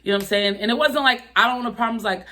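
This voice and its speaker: A young woman vlogger telling a personal story in a casual, profane, animated way, acting out her own outbursts. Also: on the high side, very fast. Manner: profane, animated retelling with exaggerated quoted outbursts.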